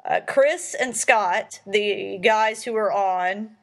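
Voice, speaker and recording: A woman's voice: mid-range voice, slow. A young woman hosting a casual chat, rambling along with many fillers as she tells stories. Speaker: host.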